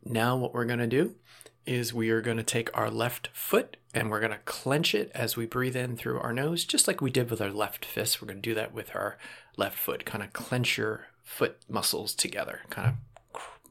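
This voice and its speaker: Man, gravelly voice, guided muscle relaxation, calm step-by-step instructions. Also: mid-range voice, normal speed. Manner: calm, step-by-step guidance with small asides.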